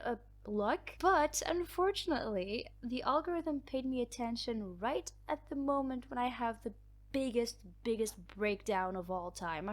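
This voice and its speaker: A woman hosting a book channel, chatting casually as she reads out viewer comments. She laughs often, mocks herself, and her voice is cracking. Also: fairly high pitch.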